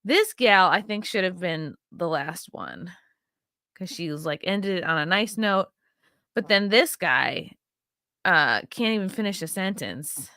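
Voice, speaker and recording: A woman's voice: lowish voice, animated, measured pace, sharp tone, no echo, studio quality. A woman hosting her own show, giving blunt, profane and rambling commentary on video clips with a sarcastic edge. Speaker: host.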